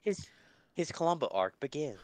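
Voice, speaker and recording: A man's voice: a little high, big pitch swings, moderate pace. A man co-hosting a podcast, chiming in casually with wry jokes and corrections. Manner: wry, joking interjections. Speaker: podcast co-host. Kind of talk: casual chat.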